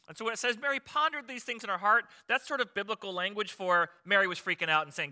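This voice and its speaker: A male pastor gives a chatty, conversational sermon, often turning to his listeners with rhetorical questions. His voice is a little high and very bright, with a sharp edge. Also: fast talker.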